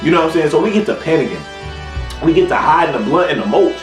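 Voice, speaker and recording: A young man tells a story in relaxed, slangy speech and keeps checking in with his listener. His voice sits a bit high for a man. The room sounds echoey, he is set back from the mic, and music plays clearly behind him. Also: quick pace, recorded from a distance. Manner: laid-back slangy talk, keeps saying "you know what I'm saying". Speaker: vlogger. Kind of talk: casual storytelling.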